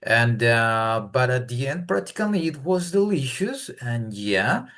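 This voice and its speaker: A man's voice: medium pitch, very animated, unhurried, fairly bright tone. A man from Colombia with a Colombian accent, a Spanish-speaking English learner talking off the cuff and searching for words. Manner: hesitant, searching for words in a second language. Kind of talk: unscripted speaking practice.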